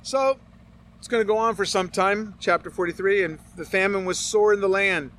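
A man with a high, light voice teaches through a scripture passage. He reads the old verses steadily, then drops into casual, plainspoken asides to his listeners. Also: moderate pace, fairly bright tone, slight background noise. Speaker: preacher. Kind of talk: Bible study sermon.

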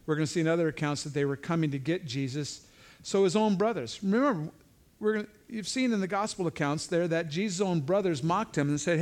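A man's voice: fairly high pitch, brisk, a little mellow. A man giving an informal verse-by-verse Bible teaching, talking conversationally with frequent asides and restarts.

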